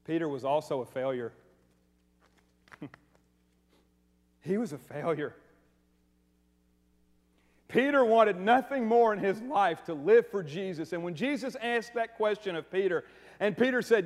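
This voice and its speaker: A man delivers a lively, conversational sermon, repeating his questions to the congregation and slipping in jokes. His voice sits high for a man. The church hall around him adds a long, trailing reverb. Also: measured pace, pauses often. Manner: energetic, conversational preaching with humor and repeated questions. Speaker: preacher. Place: church sanctuary.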